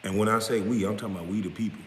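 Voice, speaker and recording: A man delivering a blunt, profane, confrontational rant straight to camera, now and then breaking into loud outbursts. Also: lowish voice, fairly even intonation, very fast. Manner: smoking hookah while talking. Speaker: vlogger responding to critics. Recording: roomy echo with long reverb, faint background noise.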